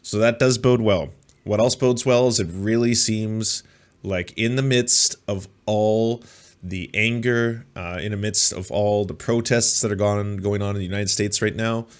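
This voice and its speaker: A man's voice: on the low side, steady tone, a little slow, smooth. A man with a Canadian accent hosting a live commentary stream, sarcastic and profane, with many filler sounds. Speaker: host.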